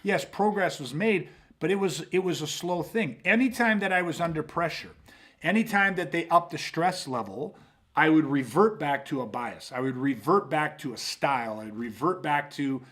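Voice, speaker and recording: A man's voice: on the high side, normal speed, fairly bright tone. A man hosting a podcast about self-defense, telling stories animatedly with lots of swearing and restarts. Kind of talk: casual podcast talk.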